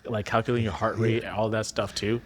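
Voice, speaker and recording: A man co-hosting a casual podcast chat, chiming in with quick, chatty remarks. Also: on the low side, level tone, a crowd in the background. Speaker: podcast co-host.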